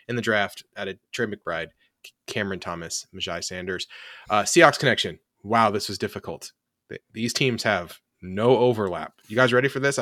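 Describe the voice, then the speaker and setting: Man, podcast host, casual sports chat, laughs a lot, lowish bright voice, dry close mic. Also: no echo. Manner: laughs often, runs the segments.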